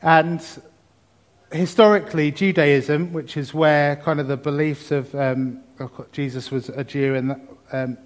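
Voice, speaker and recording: A man delivers a sermon, reading scripture and explaining it in a lively, exuberant way. His voice sits a little high for a man. The recording carries a long reverb, as if he is in a large hall. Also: unhurried. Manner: exuberant, rising to excited emphasis when reading scripture. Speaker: preacher.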